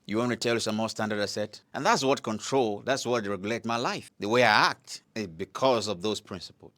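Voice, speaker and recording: A man with a Nigerian accent preaching a motivational sermon, often asking the listeners questions and swinging between loud and hushed delivery. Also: on the low side.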